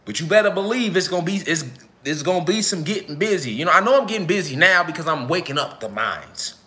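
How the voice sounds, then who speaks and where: A man speaks live to his followers in a high, tense, forceful voice. His talk is heated and profane. He keeps circling back with repeated phrases and street slang. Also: animated, fast talker. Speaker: self-styled spiritual speaker. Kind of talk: unscripted live speech to followers.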